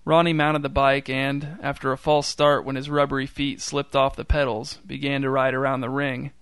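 Male narrator, mid pitch, dry deadpan delivery, clean dry studio read. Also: normal speed, smooth, no echo. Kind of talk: scripted story narration.

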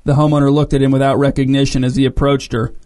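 A man narrating a story in an even, measured way. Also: mid-range voice.

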